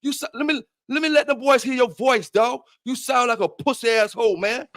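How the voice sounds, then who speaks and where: A man's voice: very high voice, fairly quick, fairly bright tone. A man hosting a livestream, taunting and cursing at a rival in heated trash talk. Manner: profane, taunting, challenging. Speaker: livestream host.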